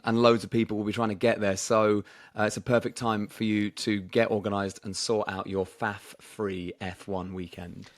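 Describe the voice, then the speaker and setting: Male podcast co-host, dry and deadpan, low voice, dry recording. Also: dry recording. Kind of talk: casual podcast chat.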